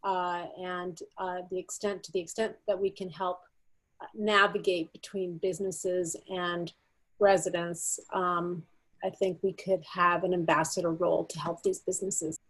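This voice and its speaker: A woman board member adds a brisk, informal point during a video-call meeting. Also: fairly low pitch, flat delivery, husky, low-quality recording.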